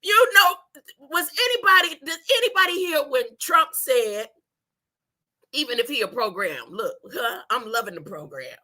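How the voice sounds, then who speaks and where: A woman's voice: sits high, expressive, moderate pace, bright, forceful tone. A woman preaching on a live stream, laughing often, repeating herself and asking "huh?" between points. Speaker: online preacher. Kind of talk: animated live-stream talk about dreams and scripture.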